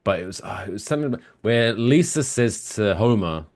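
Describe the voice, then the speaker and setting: A man's voice: on the low side, a little fast. A man co-hosting a podcast in casual chat, retelling favorite cartoon scenes and quoting them in funny voices. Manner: animated, quotes lines from cartoons in put-on voices. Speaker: podcast co-host.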